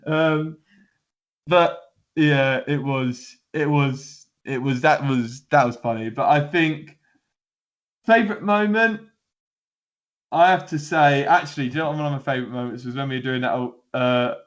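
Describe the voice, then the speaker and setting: A man's voice: medium pitch, measured pace. A man co-hosting a football podcast, talking in a rambling, laughing way with lots of restarts. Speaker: podcast co-host. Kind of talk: casual chat.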